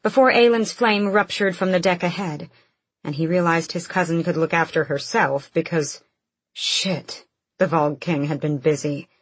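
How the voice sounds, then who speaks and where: A woman reads a fantasy audiobook in a measured, steady way. Her voice is slightly low and husky, and she keeps an unhurried pace. The recording is close and dry. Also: dry recording. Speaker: audiobook narrator. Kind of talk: scripted audiobook narration.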